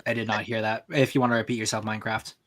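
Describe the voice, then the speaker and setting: A man's voice: on the low side, level tone, racing, a bit bright. Man hosting a chatty livestream. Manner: loose and chatty, with fillers and restarts. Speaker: livestream host. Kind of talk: casual livestream chat, summarizing a fan story.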